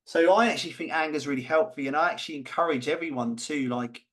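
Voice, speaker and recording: A man's voice: on the high side, quick pace, fairly bright tone. A man co-hosting a podcast, talking candidly and passionately, swearing freely. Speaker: podcast co-host. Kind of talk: candid conversational chat.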